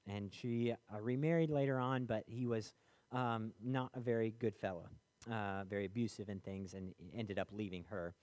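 A man's voice: lowish voice, fairly even intonation, moderate pace, a little mellow, dry recording. A man preaching a sermon in a conversational way, with many fillers, acting out the voices in his stories.

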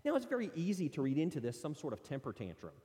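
Male preacher, slightly high and mellow, animated sermon delivery in a reverberant church hall. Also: fast. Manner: animated, conversational preaching with scripture readings.

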